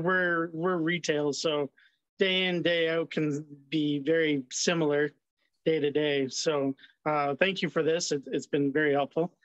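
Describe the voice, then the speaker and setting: A man's voice: fairly high pitch, a bit bright, dry recording, lo-fi sound. A man taking part in a webinar over a video call, speaking politely and hesitantly with many fillers. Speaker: webinar participant.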